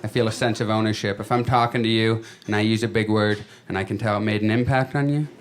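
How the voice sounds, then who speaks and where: A man doing a stand-up comedy set on a club stage, telling stories in a chatty way and acting out his friends in quick voices. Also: lowish voice, fairly even intonation, a little hiss or hum. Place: comedy club stage before a live audience. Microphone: handheld stage mic. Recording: live club recording with loud crowd laughter.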